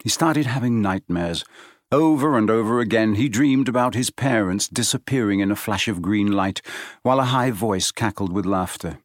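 Here a male narrator delivers an audiobook at a steady, measured pace, his pitch fairly low. It's a dry take with crisp studio audio.

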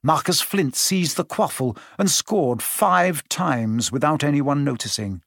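Man reading a story aloud, fairly high voice, expressive, dry close sound. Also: unhurried, creaky, dry recording. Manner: expressive storytelling with shifting pace. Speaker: audiobook narrator. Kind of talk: scripted narration.

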